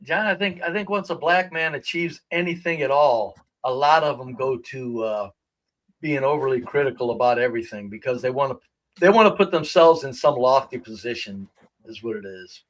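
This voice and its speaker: A regular guest on a livestream chats casually, rambling, restarting a lot and swearing heavily. His voice is mid-range with lively intonation at a moderate pace, and the recording is rough.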